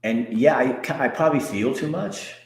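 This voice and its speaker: A middle-aged man hosting an earnest personal monologue, swinging from anger to hushed softness. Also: medium pitch, normal speed, gravelly, echoey room. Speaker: host.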